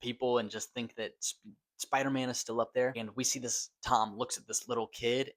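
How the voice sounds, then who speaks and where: A man's voice: medium pitch, level tone, normal speed, fairly bright tone. A man giving a casual spoken film review, gushing and loose, swearing now and then for emphasis. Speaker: movie reviewer.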